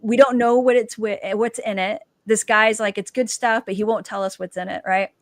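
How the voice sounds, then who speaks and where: A woman, a dancer and author, telling her personal testimony as a guest and lively acting out the quoted dialogue. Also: mid-range voice, normal speed, dry recording.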